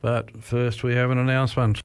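A man's voice: mid-range voice, little pitch movement, moderate pace, vocal fry. A man presenting a talking newspaper show on community radio, reading an article with frequent "uh" and "um" fillers. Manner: hesitant, with many "uh" and "um" fillers. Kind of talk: hosting a talking newspaper program.

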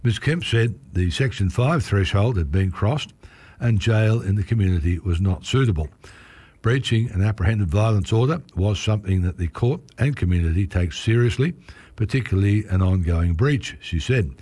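A hoarse man reads the news aloud in a low, husky voice, steady and measured with the odd stumble. The sound is close and completely dry, with no room around it. He keeps clearing his croaky throat between sentences. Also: no echo. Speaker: volunteer newspaper reader. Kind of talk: reading news articles aloud on radio.

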